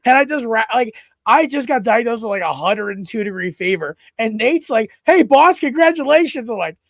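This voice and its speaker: Male podcast co-host, high gravelly voice, dry close mic, excitable rambling sports chatter. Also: a little fast, no echo. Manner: rambling, excitable, with many restarts. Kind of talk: casual sports chat.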